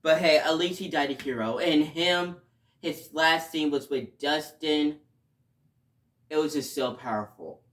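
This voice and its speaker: A man giving a casual video review, talking emotionally and rambling, with sudden loud outbursts between quieter stretches. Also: fairly high pitch, a little slow. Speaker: show reviewer.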